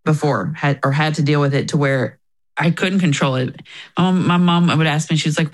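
A woman's voice: low-pitched, steady tone, brisk, low-quality recording. A woman talking as an interview guest, telling her personal story in an earnest, reflective way and often quoting herself and others.

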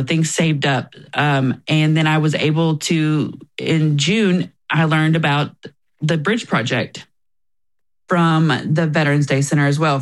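A woman's voice: sits low, low-quality recording. Earnest woman telling her own story. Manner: earnest, reflective, quotes herself and others. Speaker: interview guest. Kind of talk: candid personal story.

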